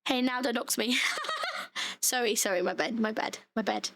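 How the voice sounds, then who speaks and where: A young British woman chatting casually on a livestream, bubbly and giggly, her voice hoarse and giving out. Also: fairly high pitch, wildly swooping pitch, unhurried, sharp tone, a little hiss or hum. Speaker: VTuber streamer.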